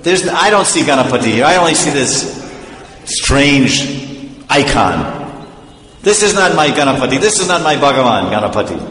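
A man's voice: medium pitch, very animated, normal speed, a bit bright. A man voicing a heartbroken, pleading male devotee. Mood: lamenting. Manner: pleading, exclaiming, wailing. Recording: echoey hall with long reverb.

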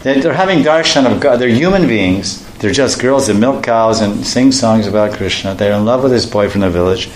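A man preaching a storytelling sermon, animated and often laughing as he acts out the voices in his story, in an echoey room. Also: fairly low pitch, normal speed, few pauses, slight background noise.

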